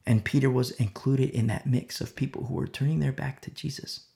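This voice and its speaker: Man preacher, gravelly voice, sermon delivery that falls to whispers and rises again, stumbles over repeated words. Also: mid-range voice, fairly even intonation, fairly quick. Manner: swings from loud acted quotes to hushed whispers.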